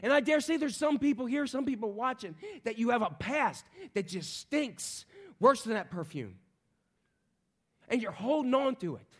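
Male pastor, high voice, lively sermon delivery, playful asides to the congregation. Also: normal speed. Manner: animated, acts out voices of characters, asks the congregation questions.

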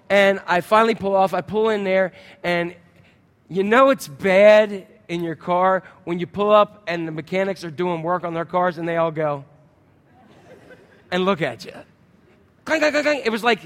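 A man's voice: high voice, fairly bright tone. A man preaching a sermon, telling a story and acting out the sounds and his own inner thoughts, often asking the congregation questions. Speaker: pastor. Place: church sanctuary. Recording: church hall reverb.

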